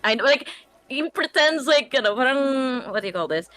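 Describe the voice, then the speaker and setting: A woman playing a tabletop role-playing game, giggly and expressive. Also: sits high, moderate pace, soft background music. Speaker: player.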